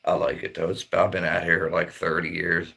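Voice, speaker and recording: Gravelly middle-aged man chatting casually. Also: sits low, little pitch movement, normal speed, bright, forceful tone. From Maryland, near Baltimore. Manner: rambling, laid-back, swears a lot. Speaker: livestream host. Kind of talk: casual livestream chat.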